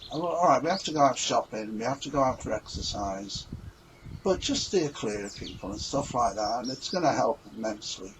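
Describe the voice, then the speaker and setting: A man's voice: medium pitch, lively intonation, brisk, background noise. A man talking earnestly and a little ramblingly in a casual reflective vlog. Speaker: vlogger.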